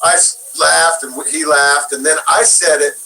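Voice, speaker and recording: Guest voice actor: bright, lively man, higher voice, storytelling, quick to laugh. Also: creaky, rough recording. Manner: animated storyteller, laughs often. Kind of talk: casual interview chat.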